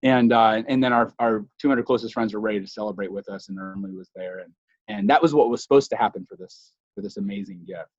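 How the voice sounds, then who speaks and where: A man telling a long personal story in a webinar talk, chatty and animated with fillers and restarts. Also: fairly low pitch, quick pace, no echo. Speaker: speaker. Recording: dull dry lo-fi audio.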